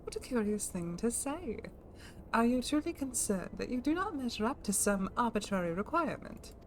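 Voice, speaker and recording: A woman voicing an earnest, self-doubting fantasy game companion in a breathy voice with formal, archaic phrasing. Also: a little high, very animated, normal speed, slight background noise, voice pushed up. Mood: solemn. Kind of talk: voicing game dialogue aloud.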